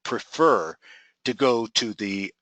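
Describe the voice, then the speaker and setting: Bright-voiced male coach teaching a webinar. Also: on the low side, slow, poor audio. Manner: energetic, rhetorical questions to the audience.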